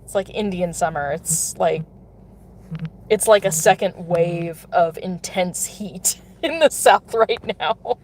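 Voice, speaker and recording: A woman's voice: lowish voice, takes it slowly, a little mellow, a little hiss or hum. Chatty giggly woman streaming from a car. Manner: chatty, giggly, talks to viewers. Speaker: mobile game streamer. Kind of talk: casual live-stream chat while playing. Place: in a car, pulling over.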